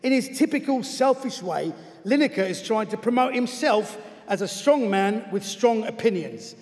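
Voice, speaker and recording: A man's voice: sits high, lively intonation, moderate pace, darkish tone. A man voicing a blunt, scathing Cockney football coach as he reads a letter aloud on stage. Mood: scornful. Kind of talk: comic reading of a letter on stage. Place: large theatre hall. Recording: long hall reverb from a stage.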